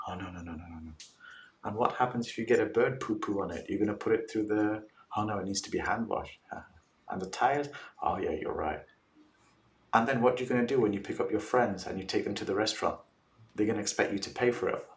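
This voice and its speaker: Low-voiced man on a distant, roomy mic. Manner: animated storytelling, acts out clients' replies. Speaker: guest coach. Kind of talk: casual interview talk.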